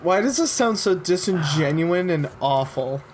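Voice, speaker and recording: Man reacting excitedly, noisy mic. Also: a little high, moderate pace. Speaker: podcast co-host. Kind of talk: casual chat.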